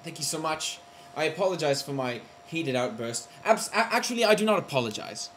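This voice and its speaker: A man in his own video blog, ranting indignantly straight to the camera. His voice sits a little higher than most men's and leaps up in sudden loud bursts of outrage. A faint hum of background noise runs under him. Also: animated, brisk. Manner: heated, outraged, with sudden loud jumps in pitch. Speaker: vlogger. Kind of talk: indignant vlog rant.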